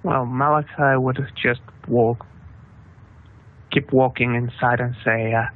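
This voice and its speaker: Measured man on a tinny line. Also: mid-range voice, steady tone. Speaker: player. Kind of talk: tabletop game play over voice chat. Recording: tinny phone-like line with faint noise.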